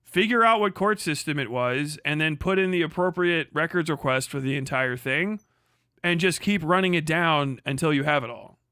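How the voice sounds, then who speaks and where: A man's voice: fairly high pitch, normal speed, bright, forceful tone, clean tone, no echo, studio quality. A man hosting a livestream, ranting casually, swearing a lot and laughing as he mocks his critics. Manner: profane, mocking, laughing often, puts on prissy voices to mock critics. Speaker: livestream host.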